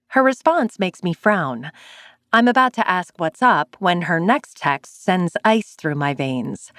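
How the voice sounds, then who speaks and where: Woman reading a romance audiobook first person, lower voice that swings around a lot, dry close mic. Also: expressive, a little slow, fairly bright tone, no echo. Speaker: audiobook narrator.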